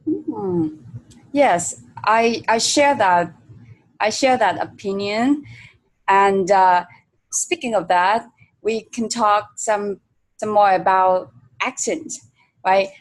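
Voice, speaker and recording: A woman's voice: medium pitch, slow pace, long pauses. Woman hosting an interview. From Vietnam. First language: Vietnamese. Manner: thoughtful, uses many fillers. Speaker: host. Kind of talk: interview conversation.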